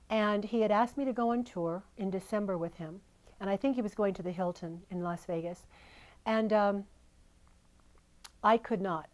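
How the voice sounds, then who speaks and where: A woman's voice: medium pitch, darkish tone. An older woman, a guest in an interview, speaking in an earnest, emotional and fond way about the past. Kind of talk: candid interview. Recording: radio studio interview.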